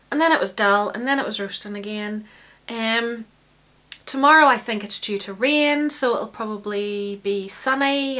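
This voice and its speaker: A woman's voice: mid-range voice, pushed and bright. A young Northern Irish woman vlogging casually, rambling and laughing at herself as she chats. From Northern Ireland. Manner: rambling, self-mocking, laughs often. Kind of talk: casual chatty vlog.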